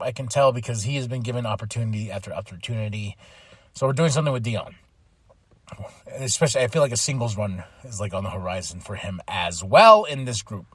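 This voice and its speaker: A man hosting a podcast, giving a casual, animated wrestling recap, chatty with lots of fillers and restarts, acting out quotes in exaggerated voices. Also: mid-range voice, breathy edge, no room sound, studio quality. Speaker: podcast host.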